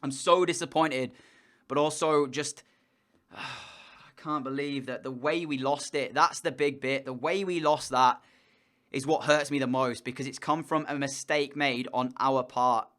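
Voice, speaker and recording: A man's voice: medium pitch, fairly even intonation, measured pace, a bit bright. A man giving casual commentary over his own football video game, frustrated and groaning at mistakes. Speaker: gaming commentator.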